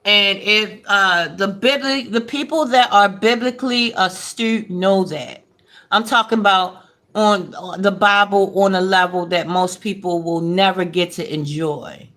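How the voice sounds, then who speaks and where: A woman vlogger, chatting during a mukbang with a playful, animated delivery and sudden high rises. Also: measured pace. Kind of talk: mukbang chat.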